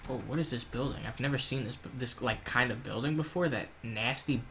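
A young man talking through a game at his desk, rambling loosely and swearing between thoughts. His voice is bright and a bit forceful, at a middling pitch. A faint hiss sits under the desk mic. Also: a little fast. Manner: rambling, swears, panics loudly when chased. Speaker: gaming YouTuber. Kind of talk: casual gameplay commentary.

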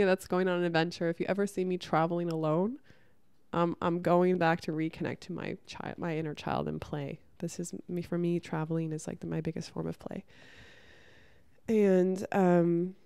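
A woman's voice: lowish voice, a little mellow, clean tone, no echo, studio quality. A woman speaking to camera in a candid personal monologue, earnest and rambling, full of fillers. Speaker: spiritual content creator.

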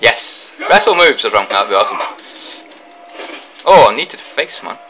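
A young man commentates a video game playthrough, reacting loudly to every hit. His voice leaps up and down with excitement and the odd mild curse. His talk is quick and unscripted. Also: medium pitch, low-quality recording. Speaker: gaming commentator. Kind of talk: let's play commentary.

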